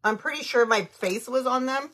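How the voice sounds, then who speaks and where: A woman's voice: a little high, moderate pace, fairly bright tone. A woman in her thirties chatting casually on a livestream as she does her makeup, answering viewer comments in a blunt, chatty way and laughing often. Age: 30s. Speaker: makeup artist livestreaming a tutorial. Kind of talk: casual livestream chat while doing makeup.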